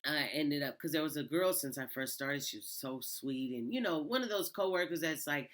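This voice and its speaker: Chatty low-voiced woman telling stories. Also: a little fast, hardly any pauses. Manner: chatty, rambling, with fillers and laughs. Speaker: host reading Reddit stories. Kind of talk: casual storytelling.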